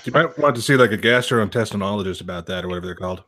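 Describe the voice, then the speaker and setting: A man making quick wisecracks during a casual livestream chat. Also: on the low side, a bit bright, a little hiss or hum.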